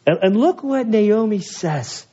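High-voiced man preaching, dull recording. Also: animated, unhurried, mellow. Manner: conversational, joking asides. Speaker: pastor. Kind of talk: expository sermon.

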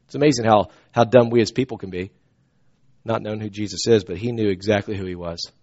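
A man preaching a sermon as pastor, in a conversational, animated storytelling way. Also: on the low side, fast talker, lo-fi sound.

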